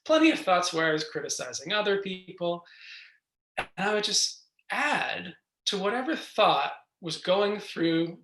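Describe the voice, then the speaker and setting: Meditation teacher from New York: slow, gentle, reflective delivery with a bright tone, over a roomy video call. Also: mid-range voice. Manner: gentle, reflective, unhurried, with soft laughs. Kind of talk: guided meditation talk. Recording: roomy echo.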